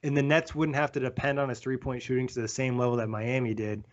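A man co-hosting a casual basketball podcast, analyzing players quickly with frequent fillers. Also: medium pitch, level tone. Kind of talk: casual sports chat. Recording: dull lo-fi sound.

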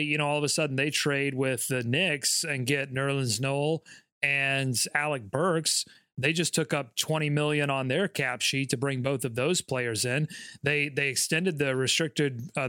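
Bright-voiced man. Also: medium pitch, fairly even intonation, no echo, clean studio sound. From North Carolina. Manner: measured, skeptical, joking. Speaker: podcast co-host. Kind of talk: casual sports talk.

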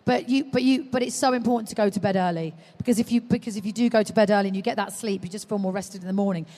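A woman's voice: medium pitch, racing. A woman chatting as a podcast guest about motherhood, telling stories animatedly and acting out what people said. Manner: animated storytelling, acting out quotes. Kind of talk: live podcast chat. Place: live stage at a large exhibition hall. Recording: long reverb of a large hall.

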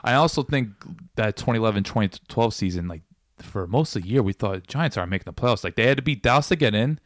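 Relaxed young man with a low voice. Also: quick pace, dry recording, studio quality. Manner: laid-back, chimes in with short reactions. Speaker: podcast co-host. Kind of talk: casual chat.

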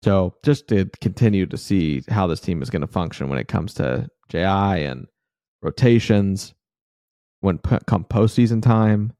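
A man's voice: sits low, unhurried, dark tone, no room sound, clean studio sound. A man co-hosting a casual sports podcast who breaks down the team with some frustration. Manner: frustrated, analytical. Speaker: podcast co-host.

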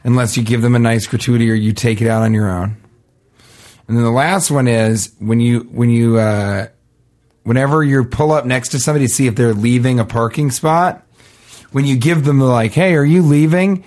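A man co-hosting a podcast, telling casual comic stories and acting out the people in them with sudden jumps in pitch. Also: steady tone, normal speed, darkish tone. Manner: acts out quoted voices, jumping pitch. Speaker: podcast co-host. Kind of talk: casual comedic storytelling.

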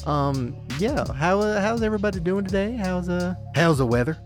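A man hosting a casual podcast, giggly and animated as he talks. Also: high voice, moderate pace, music in the background. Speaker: podcast host. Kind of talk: casual chat.

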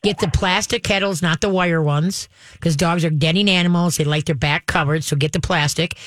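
A woman hosting a call-in radio show, giving step-by-step dog-training advice in a brisk, instructive way and checking in with "okay?" often. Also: on the low side, fairly even intonation, a bit bright, no echo.

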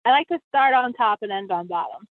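A woman's voice: mid-range voice, animated, a little fast, narrow, tinny audio, background noise. A woman contestant on a podcast dating game answering casually, with some hesitation.

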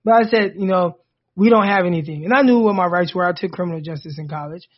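Man, 30s, podcast co-host, high voice, casual animated storytelling, dull lo-fi audio. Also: fast talker. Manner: animated, rising sharply when indignant. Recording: dull lo-fi sound.

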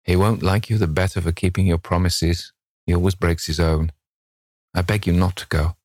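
A man's voice: sits low, steady tone, moderate pace, a little mellow, dry recording, studio quality, natural voice. A man doing an earnest, sad painter. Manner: earnest, anxious, imploring.

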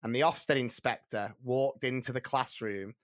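An English man with a bright, ringing tone tells a story in easy, casual chat. He is animated and chuckles through the telling. The sound is dry and close, with no room echo. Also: mid-range voice, moderate pace. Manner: animated storyteller who keeps laughing as he tells.

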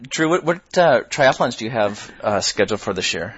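A man hosts a podcast and questions his guest in a friendly, casual way. His voice is husky and swings widely in pitch, recorded dry and somewhat muffled. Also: animated, normal speed, no room sound. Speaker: podcast host. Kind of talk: interviewing a guest.

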